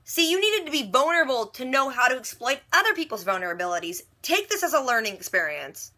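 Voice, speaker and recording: A young woman talks through an episode recap in a casual, chatty way, slipping into quick quoted asides for each character. Her voice sits a little high and sounds bright and sharp. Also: animated. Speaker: reaction video host.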